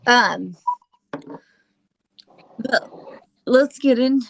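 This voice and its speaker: A woman hosting a casual true-crime chat, halting with fillers and restarts and dropping sarcastic asides. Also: on the high side, vocal fry, a little hiss or hum, rough recording. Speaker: host.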